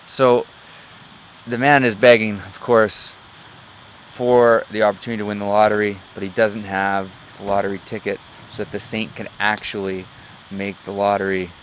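This motivational talk comes from a man with a lowish voice and a flat delivery, who frequently stalls with fillers while searching for words. He relies on humor and anecdotes to make his case, with a faint hum of noise behind him.

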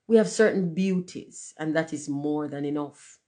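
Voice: medium pitch, moderate pace, darkish tone, natural voice. A reader doing a haughty, self-important firework rocket. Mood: pompous. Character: pompous conceited firework rocket.

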